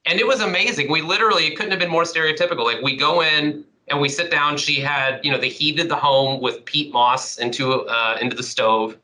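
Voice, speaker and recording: Sharp, bright-voiced man hosting a podcast. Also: medium pitch, normal speed, low-quality recording. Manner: lively storyteller who acts out the people he quotes. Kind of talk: casual conversation.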